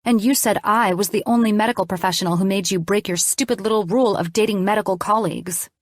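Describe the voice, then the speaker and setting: A woman's voice: mid-range voice, quick pace, no echo, studio quality, close to an everyday voice. Cold, accusing young woman, as the narrator speaks her lines. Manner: sharp, accusing.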